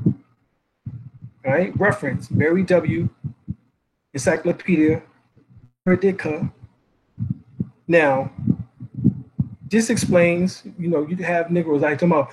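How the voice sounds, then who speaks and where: High-voiced man lecturing from references. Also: slow, long pauses, a little mellow, breathy edge, rough recording. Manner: emphatic, spells out letters, asks rhetorical questions. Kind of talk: reading and explaining references.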